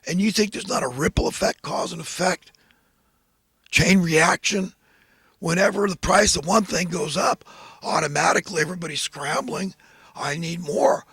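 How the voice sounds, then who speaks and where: A man's voice: sits high, normal speed, fairly bright tone, husky, no echo. A man giving a rambling, fervent, preachy monologue as host. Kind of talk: impassioned political monologue.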